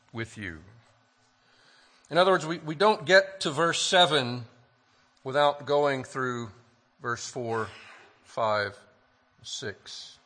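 Pastor, male, bright and slightly high, earnest emphatic sermon delivery. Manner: earnest, emphatic preaching with rhetorical questions; slows down to stress key phrases.

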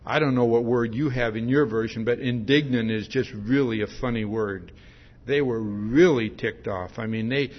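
Husky-voiced preacher, lively and conversational. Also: male voice, medium pitch, lo-fi sound. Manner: conversational, with frequent "see?" asides and restarts. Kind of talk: expository sermon.

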